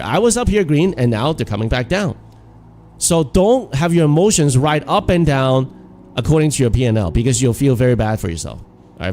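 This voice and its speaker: A man's voice: fairly high pitch, darkish tone. A man giving live trading commentary to his chat. He stutters a little and repeats words, chatty and laughing often. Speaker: day trading streamer.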